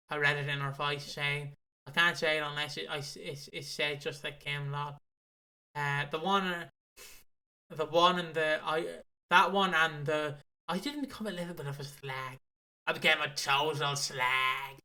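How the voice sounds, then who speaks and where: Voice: medium pitch, fairly even intonation, normal speed, pushed and bright, rough recording. A podcast co-host, reading listener comments aloud in a chatty way, with laughing and swearing. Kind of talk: casual podcast chat.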